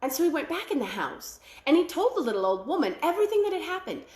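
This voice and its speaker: A woman telling a traditional folktale aloud at a library, animated and full of sound effects. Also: high-pitched, quick pace, echoey room. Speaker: library storyteller.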